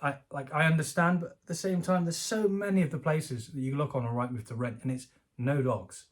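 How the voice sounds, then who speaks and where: A man's voice: on the high side, a little fast. A man giving casual, jokey commentary from home as a YouTuber, rambling and laughing often. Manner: chatty, jokey, self-deprecating, laughs often. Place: home room.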